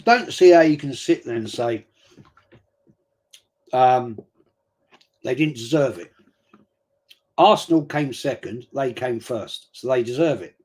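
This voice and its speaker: Chatty middle-aged bloke. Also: male voice, mid-range voice, animated, takes it slowly, long pauses, darkish tone, slightly rough. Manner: chatty rambling storyteller, blokey slang. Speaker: watch-along streamer. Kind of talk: casual live chat during a football match.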